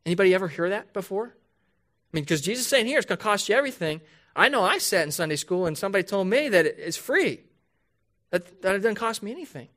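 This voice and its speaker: A man preaching a sermon as a pastor, talking conversationally to his congregation, asking rhetorical questions and slowing down to drive key points home. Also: sits high, very animated, a bit bright. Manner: emphatic, slows down to stress key points.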